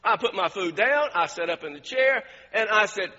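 Impassioned preacher in an echoing church hall. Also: male voice, sits high, animated, moderate pace, few pauses. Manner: impassioned, shouting at peaks, dropping soft in prayer. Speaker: pastor. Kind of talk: sermon. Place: church sanctuary. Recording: dull lo-fi recording in a reverberant hall.

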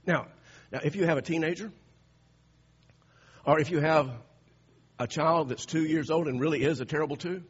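A man preaching a sermon, telling stories with animated swings between loud and hushed delivery. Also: on the high side, moderate pace, pauses often, slightly rough. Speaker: pastor. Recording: dull lo-fi sound.

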